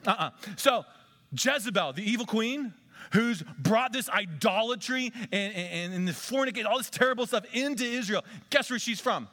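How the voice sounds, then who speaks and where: Lively preaching man, bright voice. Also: sits high, normal speed. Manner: animated, swings between loud excitement and hushed intensity. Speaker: pastor. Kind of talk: sermon.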